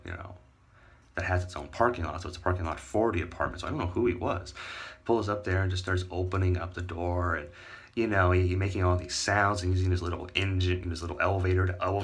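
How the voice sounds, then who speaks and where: A man's voice: deep voice, a bit bright, husky. A man ranting to his viewers in a casual vlog, rambling, sarcastic and swearing, talking straight to his audience. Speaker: vlogger.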